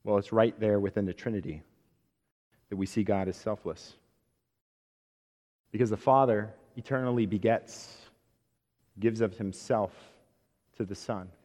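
Emphatic male preacher in a reverberant church. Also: on the low side. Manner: emphatic, with phrases falling soft at the ends. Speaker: pastor. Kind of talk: sermon. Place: church sanctuary.

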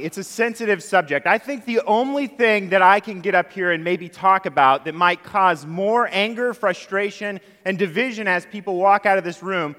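A man's voice: sits high, bright, forceful tone. Guy pastor giving a laid-back sermon, long church hall echo. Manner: conversational, self-deprecating preaching. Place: church sanctuary. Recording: long reverb of a large hall.

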